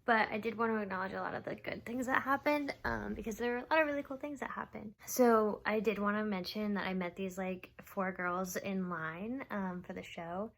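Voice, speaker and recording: A woman's voice: medium pitch, fairly quick, gravelly, hardly any pauses. A young woman talking casually in a confessional vlog, rambling and oversharing with lots of fillers, sometimes dropping to a whisper. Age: young adult. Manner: rambling, oversharing, with frequent fillers and soft laughs. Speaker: vlogger.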